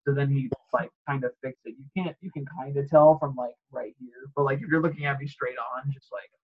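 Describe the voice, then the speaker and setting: A man's voice: mid-range voice, steady tone, a little fast, breathy edge, narrow, tinny audio. A man in casual chat, rambling and laughing often as he acts out quoted exchanges.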